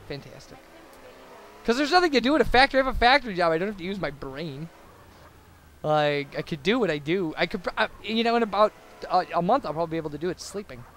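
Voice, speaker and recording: A man's voice: high voice, lively intonation, quick pace, a bit bright, a little hiss or hum. A young man rambling casually as a let's play commentator, babbling through tangents with lots of fillers. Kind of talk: casual post-commentary chat over gameplay.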